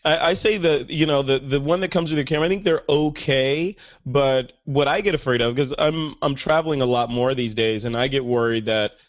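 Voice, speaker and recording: A man's voice: mid-range voice, brisk, few pauses, dull audio. A man hosting a podcast, chatting casually and with enthusiasm, with lots of fillers. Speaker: podcast host. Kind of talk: casual chat.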